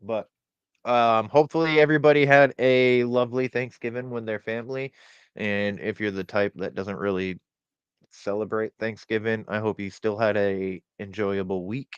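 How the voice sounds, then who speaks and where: A man with a stuffy, nasal cold voice hosts a relaxed chat, his voice lower than most and smooth. The sound is dry and a little dull, as if from a modest desk setup on a live stream. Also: moderate pace, no echo. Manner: laid-back, swearing, lots of fillers. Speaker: podcast host. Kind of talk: casual chat. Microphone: webcam or desk mic on a live stream.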